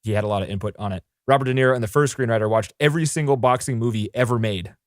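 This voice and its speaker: Fast-talking man in casual film chat. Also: medium pitch, dry recording, studio quality. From Irish heritage. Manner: fast, animated, mocking impressions of characters. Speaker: podcast co-host.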